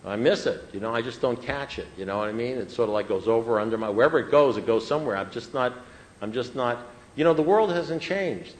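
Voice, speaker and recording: Animated storytelling man in an echoey room. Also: medium pitch, quick pace. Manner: animated, swings from loud outbursts to quiet asides. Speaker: recovery speaker. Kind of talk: storytelling talk to an audience. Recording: echoey room, faint background noise.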